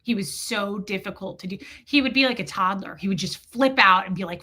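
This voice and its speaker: Candid, swearing woman streamer, bright tone, chatting to her viewers. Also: medium pitch, moderate pace, hardly any pauses, husky. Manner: candid, emotional, swears freely, frequent restarts. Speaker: livestream host. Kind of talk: casual live-stream talk, reading chat.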